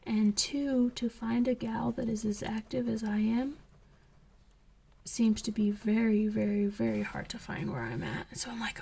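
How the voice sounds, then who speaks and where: A young woman and coloring channel host chatting casually as she tells a story, slipping into whispers when excited. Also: a little high, normal speed, creaky, breathy edge. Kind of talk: casual chat while coloring.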